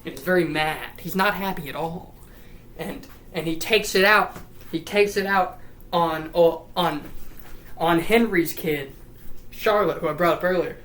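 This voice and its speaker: A woman's voice: on the low side, measured pace, a bit bright, a little hiss or hum, rough recording. A woman rambling through a profane, comedic retelling of a story. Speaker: lore storyteller.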